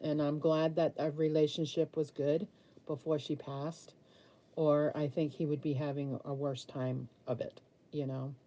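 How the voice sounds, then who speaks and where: A woman's voice: deep voice, little pitch movement, measured pace, dark tone. A woman in her sixties, chatting candidly with viewers while she paints during a live stream. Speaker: livestream host answering viewer comments.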